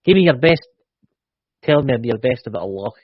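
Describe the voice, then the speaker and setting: A man's voice: medium pitch, animated, moderate pace, breathy edge, no echo. A Scottish man co-hosting a podcast and joking with his partner in a boisterous, teasing way. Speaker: podcast co-host. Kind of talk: casual chat. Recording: muffled dry home recording.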